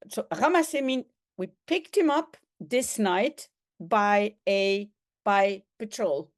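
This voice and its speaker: A woman teaching a French lesson by reading a comic aloud, translating as she goes, with sound effects and acted lines. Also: mid-range voice. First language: Dutch. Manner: slow, animated reading with sound effects and quoted voices. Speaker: language teacher.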